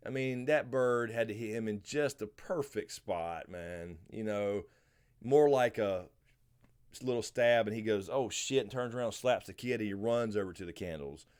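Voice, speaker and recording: His voice is lowish, clear and resonant, moving at a moderate pace, with a Southern American accent. He's hosting a casual live question-and-answer stream, rambling comfortably and responding to viewers in chat by name.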